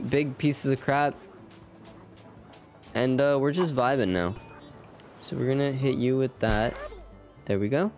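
Faint game music underlies a young man's live stream as he rambles, jokes about himself, and chats with viewers. His mid-range voice has a darkish tone, and the talk is casual game commentary.

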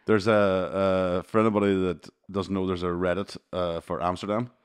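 A man's voice: low-pitched, level tone, moderate pace, clean tone. A man chatting laid-back and sweary as a podcast co-host. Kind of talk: casual chat.

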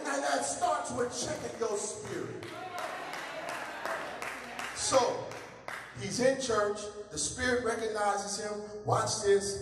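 A man pastor delivering an impassioned call-and-response sermon in a church, building to shouts. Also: high-pitched, takes it slowly, long pauses, over music. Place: church sanctuary. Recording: echoey hall from far off, congregation audible. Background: congregation.

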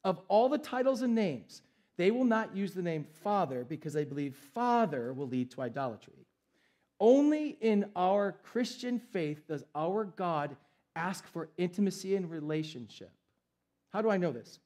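A man's voice: high-pitched, big pitch swings, moderate pace, a little mellow. A young adult man, a pastor preaching a sermon in an emphatic, conversational way.

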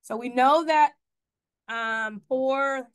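A woman's voice: high voice, very slow, clear, resonant tone. A woman teaching a math class in a classroom, chatty, asking the students questions and correcting her own slips.

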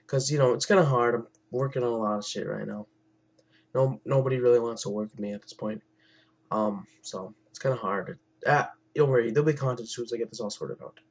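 A man's voice: mid-range voice, brisk, husky. Rambling young man mumbling through gameplay. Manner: rambling, trailing off into mumbles, frequent swearing. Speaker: gaming channel host. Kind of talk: casual gameplay commentary.

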